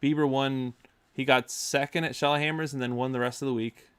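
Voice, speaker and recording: A young man in casual podcast chat, giving rambling, halting explanations full of fillers. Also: medium pitch, fairly even intonation, clean tone. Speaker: racing podcast participant.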